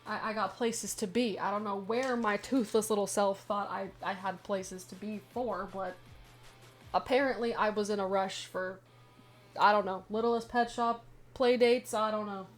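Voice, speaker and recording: A young adult woman casually chatting to her viewers, telling a funny story with lively asides. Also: medium pitch, moderate pace, faint music behind. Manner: chatty, animated retelling with asides. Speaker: vlogger.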